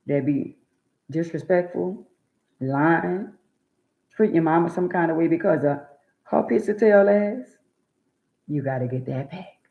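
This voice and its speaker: A woman hosting a live stream, bluntly and profanely lecturing her viewers and repeating words for emphasis. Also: low-pitched. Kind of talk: preachy live-stream rant. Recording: echoey room, dull lo-fi sound.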